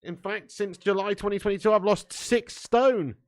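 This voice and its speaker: With a high voice at a normal speed, a young man hosts a live football watch-along, bantering with his chat and swearing freely. He gets loud whenever a chance comes.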